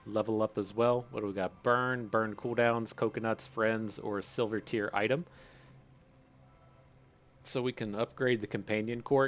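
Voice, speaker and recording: A man giving casual commentary while playing a video game, rambling, repeating words and swearing now and then. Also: fairly low pitch. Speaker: gaming streamer.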